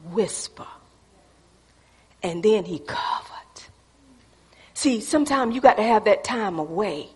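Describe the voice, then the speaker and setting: High-voiced woman preaching in a reverberant church. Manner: emphatic, swings from loud preaching to hushed near-whisper; folksy, addresses the congregation as y'all. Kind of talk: sermon.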